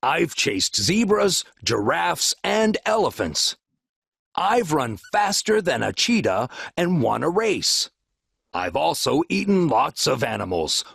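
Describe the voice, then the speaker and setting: A man's voice: medium pitch, creaky, fairly bright tone, husky, dry recording, clean studio sound, full character voice. A man voicing a proud, regal, boastful male lion in a recorded storybook reading. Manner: roaring, boastful.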